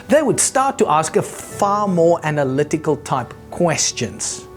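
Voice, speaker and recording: A man teaching a sales lesson, animated, acting out the people he quotes and repeating words as he thinks aloud. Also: high-pitched, moderate pace, hardly any pauses, faint music behind. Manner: animated, acts out quoted people in raised voices. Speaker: sales trainer. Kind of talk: presenting a lesson.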